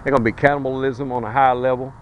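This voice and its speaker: Street preacher guy going off outside, blunt and slangy, middle-pitched voice, bit of traffic hiss behind. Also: flat delivery, fast talker, muffled recording. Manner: blunt, colloquial and emphatic, warning listeners. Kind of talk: fiery street sermon.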